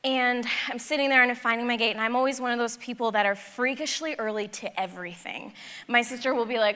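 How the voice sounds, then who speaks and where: Bright-voiced woman telling a story in a hall. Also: a little high, fast talker. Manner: animated, acts out dialogue in her stories. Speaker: conference speaker. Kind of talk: personal storytelling talk. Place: large conference hall. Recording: long hall reverb.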